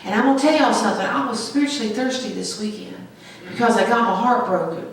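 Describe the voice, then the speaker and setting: A woman's voice: fairly high pitch, fast talker, gravelly, slight background noise. A woman pastor preaching a sermon with emphatic call-and-response. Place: church sanctuary. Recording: echoey church from far off.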